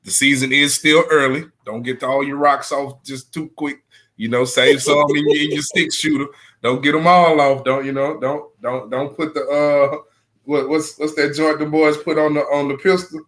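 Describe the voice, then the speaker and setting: A man's voice: a little high, level tone, normal speed, fairly bright tone. A man co-hosting a casual sports chat, joking and rambling in loose banter. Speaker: podcast co-host.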